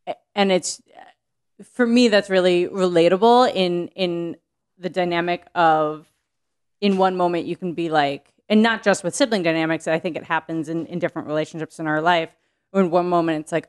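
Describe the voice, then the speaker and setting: A woman's voice: fairly low pitch, fairly even intonation, normal speed, clear, resonant tone. A woman talking casually as a podcast guest, rambling with frequent restarts and casual swearing. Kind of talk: casual chat.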